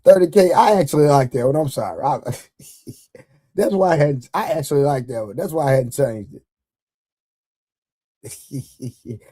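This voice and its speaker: Man, livestream host, casual chat with viewers, loose repetitive delivery, dark mellow tone, dry close sound. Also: medium pitch, lively intonation, normal speed, pauses often, husky, no room sound. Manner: loose and repetitive, laughs often, talks straight to chat. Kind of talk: casual live-stream chat, reading viewer comments aloud.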